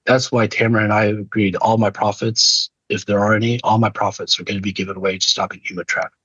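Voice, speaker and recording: A middle-aged man with a husky, low voice speaks with earnest, preacher-like conviction, telling stories in an inspirational talk. The recording is dull and lo-fi with a dry, close sound. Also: little pitch movement, quick pace, pushed and bright, no room sound. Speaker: leadership speaker. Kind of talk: inspirational keynote storytelling.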